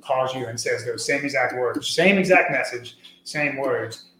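A man talking as a podcast guest, earnest and rambling, with many fillers, getting lively when he tells stories. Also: mid-range voice, a little slow. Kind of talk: conversational interview. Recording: echoey room with faint noise.

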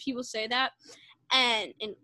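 A woman's voice: on the high side, fairly even intonation, unhurried, pushed and bright, dry recording, rough recording. A young girl co-hosting a casual podcast, rambling and giggly, acting out text messages in a sassy voice. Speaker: podcast co-host. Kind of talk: casual chat.

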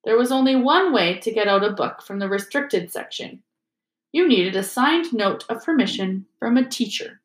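A woman reading a children's chapter book aloud in a gentle storytelling manner. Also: a little high, animated, moderate pace. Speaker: reader. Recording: echoey room.

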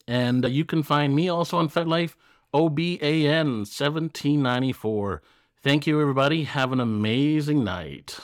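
A man's voice: a little high, moderate pace, no room sound, studio quality. A man co-hosting a podcast in loose, joking casual chat, swearing freely. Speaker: podcast co-host.

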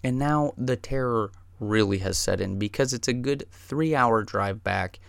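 Gravelly man telling a wild story. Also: mid-range voice, measured pace, dry recording. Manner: profane, rambling, excitable. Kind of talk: casual personal storytelling.

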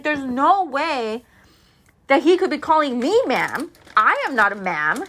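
A woman in her mid-thirties chats casually to her viewers from home, ranting and swearing freely, with kitchen sounds in the background. Her high voice is very animated yet unhurried, pushed and bright.

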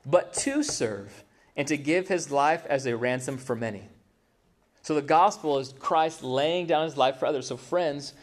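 Conversational male pastor preaching a sermon. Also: a little high. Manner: conversational, asks the audience rhetorical questions; acts out quoted excuses in a mocking voice.

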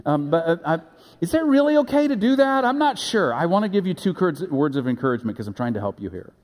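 A man preaching a sermon as pastor, earnest and halting, building to emphatic peaks. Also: a little high, very animated, a little mellow. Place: church sanctuary. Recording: echoey church hall.

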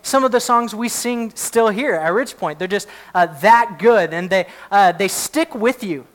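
A male pastor with a high-pitched voice delivers a sermon. He reads long scripture passages aloud, then breaks into relaxed, conversational explanation. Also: a little slow. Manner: prays in a hushed, lowered voice.

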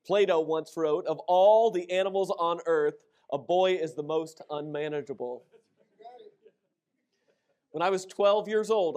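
A middle-aged man preaching a sermon, telling funny personal stories with lively acted-out quotes. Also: fairly high pitch. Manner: animated storytelling, acts out shouted quotes. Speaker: pastor.

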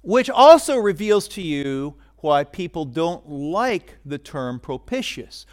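A middle-aged man preaching a sermon as pastor, animated and getting loud for emphasis. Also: fairly high pitch, takes it slowly, few pauses.

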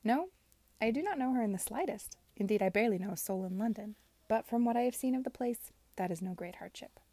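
A woman reading aloud as a young gentlewoman who talks quickly and is flustered, in a storybook reading. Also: high-pitched, expressive, no echo, voice pushed up.

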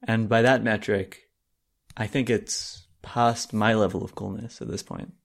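A man co-hosting a casual comedy podcast, teasing his friend with deadpan jokes while running a made-up role-playing game. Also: fairly low pitch, a little slow, gravelly. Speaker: podcast co-host and game master.

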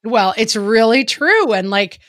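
A woman's voice: a little high, big pitch swings, a little slow, fairly bright tone, dry recording. Chatty woman in her forties, dry sound. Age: 40s. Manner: chatty, laughing, frequent "like" fillers. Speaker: podcast co-host. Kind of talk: casual chat.

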